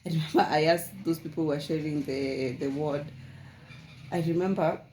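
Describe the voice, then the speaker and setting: A woman's voice: low voice, fairly even intonation, normal speed, warm tone, slight background noise. A young woman, telling her own story in a casual vlog, rambling and repeating herself with frequent laughs. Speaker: vlogger. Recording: echoey room.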